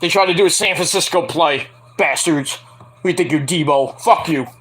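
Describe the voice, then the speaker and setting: A man hosting a casual podcast, rambling and joking while he watches a game, with loud outbursts. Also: fairly high pitch, moderate pace. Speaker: podcast host.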